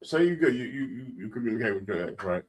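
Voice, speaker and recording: A man's voice: on the low side, animated, fast talker. A man co-hosting a casual radio talk show, asking questions and telling stories. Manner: storytelling, asks leading questions. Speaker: radio co-host.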